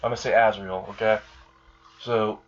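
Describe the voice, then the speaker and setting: A man's voice: on the low side, fairly even intonation, moderate pace. A man casually improvising a fan story, rambling with lots of "like" and "you know", on a dull lo-fi recording.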